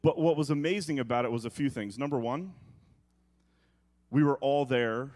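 Animated middle-aged male preacher, joking. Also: mid-range voice. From New York, United States. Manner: animated, acts out quotes and sounds, quick jokey asides. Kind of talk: humorous storytelling sermon.

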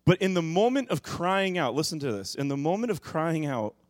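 A fairly high-voiced man preaching a sermon, one moment quiet and musing, the next loud and impassioned. His voice is recorded close and dry, with no room sound around it. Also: sing-song, brisk, no room sound. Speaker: pastor.

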